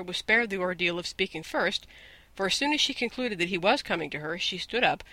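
A man narrating a classic novel as an audiobook, in a measured, lilting storytelling manner on a close mic. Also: high voice, bright, forceful tone, no room sound.

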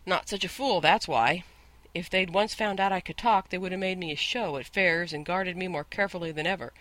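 A man's voice: sits high, fairly quick, fairly bright tone, dry recording. Storybook horse: haughty male war horse, lecturing and lofty, dry close read by a male reader. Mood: indignant. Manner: scornful, lecturing, grand. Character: proud talking male war horse, bossy.

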